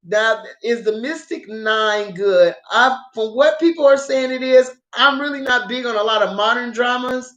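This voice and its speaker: A drama review vlogger chats unscripted with her viewers about dramas she's watched, her slightly high voice moving at a normal speed with few pauses. She's excitable, swears freely, and laughs often, and the recording has a roomy echo.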